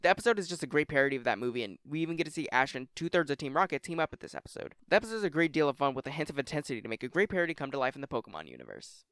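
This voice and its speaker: A young man talks through a casual countdown of episodes, rambling and swearing with jokey asides. His voice sits a little high and moves a lot. It is close and dry, with no room sound. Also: sing-song, very fast, hardly any pauses, a bit bright, clear, resonant tone, dry recording. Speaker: YouTube list host.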